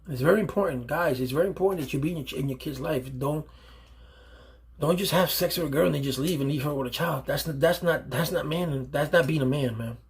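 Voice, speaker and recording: Husky-voiced man giving earnest advice. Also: fairly high pitch, fast. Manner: earnest, emphatic, repeats and restarts phrases. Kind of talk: unscripted advice monologue.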